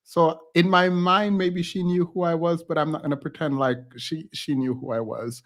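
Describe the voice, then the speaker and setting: A man's voice: fairly high pitch, fairly even intonation, normal speed, fairly bright tone. A man hosting a live stream from home, tired but chatty, telling a rambling story with frequent laughs. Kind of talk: casual storytelling chat.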